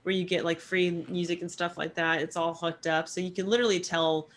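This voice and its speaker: A woman's voice: fairly even intonation, brisk, slight background noise. Bubbly woman podcast co-host. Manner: bubbly, laughs often, squeals into high put-on quotes. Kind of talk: casual chat.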